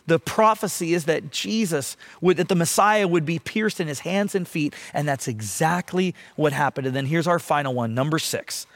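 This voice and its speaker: A man preaching a sermon as pastor, reading scripture passages aloud and explaining them with emphatic pauses. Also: a little high, animated.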